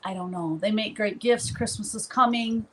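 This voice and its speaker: A woman's voice: mid-range voice, moderate pace, slight background noise, low-quality recording. A woman hosting a live stream from her studio, chatting casually in a rambling way and laughing often.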